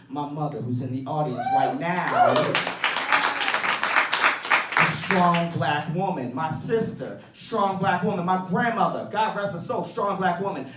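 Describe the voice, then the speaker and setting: A young man from Baltimore performing a stand-up comedy set, animated, swinging between low asides and loud shouted bits. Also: roomy sound, far from the mic, slight background noise. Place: comedy bar stage.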